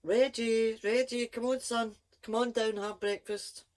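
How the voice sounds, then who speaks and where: A woman voicing a mother who pleads with her stubborn son, begging and gentle. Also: deep voice, lively intonation, a little slow, breathy edge, heavily acted. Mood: calling. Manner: begging, then sweet and gentle.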